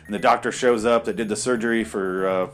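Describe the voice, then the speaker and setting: A man's voice: lowish voice, steady tone, brisk, faint music behind. A man giving casual, profane and sarcastic commentary on a movie while watching it.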